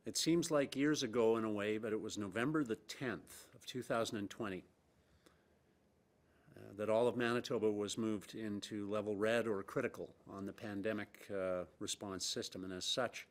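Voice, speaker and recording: A middle-aged man, a provincial premier, reading a formal press briefing statement in a measured way, pausing often with "uh" and repeating key words for emphasis. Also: on the low side, fairly even intonation. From Canada.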